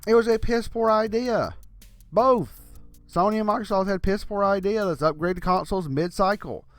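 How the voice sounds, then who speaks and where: A tired older man rants bluntly about games, swearing freely and sounding exasperated. His voice sits a little high for a man. Faint music plays underneath. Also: normal speed, no echo. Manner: blunt, profane, exasperated ranting. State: tired, yawning. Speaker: gaming channel host. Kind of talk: casual opinion rant.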